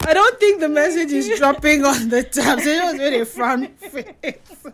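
A woman's voice: sits high, normal speed. A woman with a Nigerian accent hosting a call-in radio show, cheerful and welcoming callers, often laughing. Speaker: radio host.

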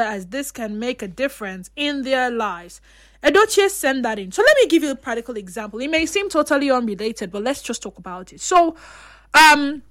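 A young woman hosting a casual chat, reading viewer comments aloud and telling stories with lively acted-out dialogue. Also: high-pitched. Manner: animated storyteller, acts out dialogue.

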